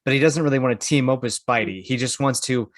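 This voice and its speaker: A man's voice: mid-range voice, fast, dry recording. A man co-hosting a podcast, rambling through his points and teasing the others. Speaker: podcast co-host. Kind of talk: casual podcast chat.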